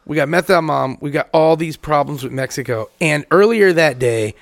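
A man co-hosting a podcast, telling crude, animated stories in casual chat and laughing often. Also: on the high side, moderate pace, vocal fry. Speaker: podcast co-host.

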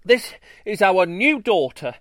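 A man gives voice to a gentle, doting unicorn dad in a bedtime story. He speaks in a raised, soft, cooing tone that sounds wonderstruck, recorded dry and close. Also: high voice, big pitch swings, slow, no room sound, voice pushed up, heavily acted. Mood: tender awe. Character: doting new father unicorn, gentle and tender.

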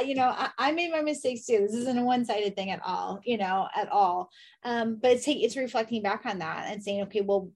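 Reflective woman guest, slightly high voice, thinking aloud in casual chat. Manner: reflective, asks herself questions aloud. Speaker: podcast guest. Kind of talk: casual conversation.

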